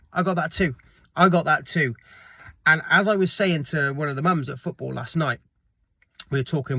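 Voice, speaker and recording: A man's voice: medium pitch, a bit bright, no echo. A man, a fitness coach giving a casual, blunt motivational talk to camera. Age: 30s. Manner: chatty and blunt, swears casually, acts out quoted people.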